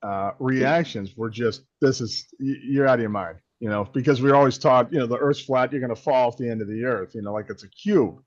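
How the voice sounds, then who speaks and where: A male podcast host in casual chat, agreeing easily and asking loose, wandering questions. His voice sits at an average pitch. The recording is dull and lo-fi with a dry sound. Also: brisk, few pauses, no echo.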